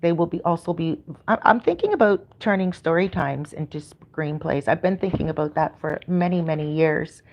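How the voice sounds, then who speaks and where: Through dull audio, a Canadian woman hosting a livestream speaks at normal speed with few pauses, her low-pitched voice expressive. She rambles cheerfully, often saying um and starting sentences over.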